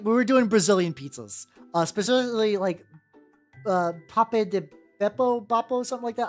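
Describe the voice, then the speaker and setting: A woman streamer with a medium-pitched, darkish voice paints miniatures and talks casually, rambling and poking fun at herself. Faint background music can be heard.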